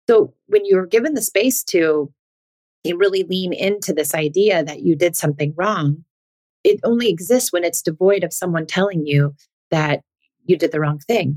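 A woman's voice: deep voice, a little mellow, dry recording. A woman hosting a parenting podcast, talking it through earnestly and posing rhetorical questions to the listener. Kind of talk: reflective solo podcast talk.

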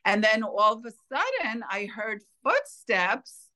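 A woman being interviewed, telling a personal story in an earnest, unhurried way. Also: on the high side, big pitch swings, bright, forceful tone. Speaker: interview guest.

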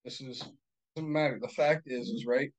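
A man's voice: mid-range voice, normal speed, poor audio. A man co-hosting a casual chat, talking bluntly and heatedly, swearing often and rambling with lots of fillers.

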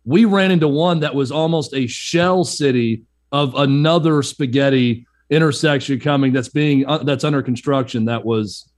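A man of mid pitch co-hosts a sports talk show. He chats casually and jokes with the other hosts. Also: moderate pace. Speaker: co-host.

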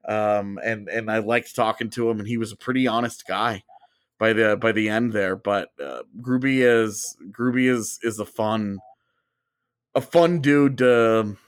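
A man's voice: fairly low pitch, fairly even intonation, clear, resonant tone, dry recording. Podcast co-host, male, loose rambling delivery, dry studio sound. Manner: rambling, self-interrupting, quick laughs. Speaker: podcast co-host, hockey reporter. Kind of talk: casual sports chat.

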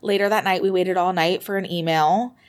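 Fast-talking young woman telling a story. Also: fairly low pitch. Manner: animated, reenacts moments with fillers like "like". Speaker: podcast guest, model. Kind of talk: conversational storytelling.

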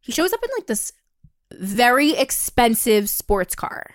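A young woman casually telling a dating story on a podcast, acting out the voices with lively quotes and the occasional swear. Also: a little slow, no echo, clean studio sound. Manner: animated, acts out quotes with a higher pitch, swears, laughs.

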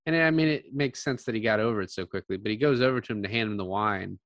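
A man's voice: fairly low pitch, quick pace, fairly bright tone, no echo. A man co-hosting a casual movie chat, blunt and joking, with a habit of swearing. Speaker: podcast co-host.

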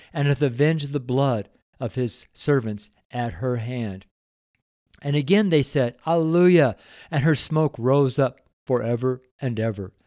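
A man's voice: mid-range voice, a little mellow, no room sound, studio quality. Earnest, emotional middle-aged man reading scripture. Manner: reads scripture aloud with rising fervor. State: choked up at times. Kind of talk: Bible reading with devotional commentary.

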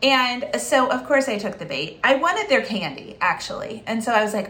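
A woman with a slightly high voice talks a little fast, barely pausing. She's a special education advocate telling a story in an easygoing, chatty monologue full of fillers and restarts, lively as she acts out what others said.

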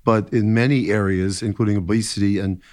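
A middle-aged man, a therapist, telling his own story in an interview, halting with many fillers and restarts and an occasional joke. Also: fairly low pitch, fairly even intonation, a little mellow.

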